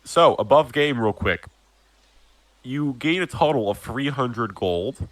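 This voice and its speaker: A man's voice: medium pitch, lively intonation, takes it slowly, dry recording, rough recording. A man narrating as game master in a casual tabletop game, with many fillers.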